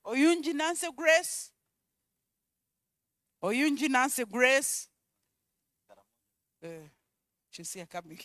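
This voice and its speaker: A woman works through a conference roll call, reading names out one at a time and repeating them. Her voice sits high and her delivery is slow and unhurried. The sound is dry and close, with almost no room around it. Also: sing-song, no echo. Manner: reads names slowly and repeats each one, with quiet asides between. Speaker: event presenter calling out names.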